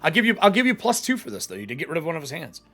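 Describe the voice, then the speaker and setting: Man game master, casual and loose with his words, lively pitch, faint music underneath. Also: racing. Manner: casual, loose, swears freely. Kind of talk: narrating a tabletop game.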